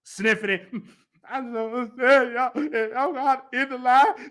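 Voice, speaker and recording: A man hosting a gossip commentary show, with a high, sharp and tense voice. He talks in a heated, sarcastic way and mocks the people he discusses. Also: steady tone, moderate pace. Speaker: host.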